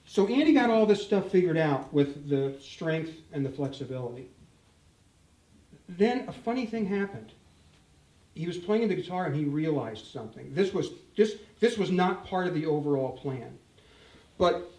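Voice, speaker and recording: An older man leads a live guitar talk, joking and animated as he speaks straight to the crowd. His voice sits a little high for a man. The mic hangs back at a distance, so the sound carries a roomy echo. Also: normal speed, pauses often. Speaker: guitar clinician. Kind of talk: live demo talk to an audience. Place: store event room with audience.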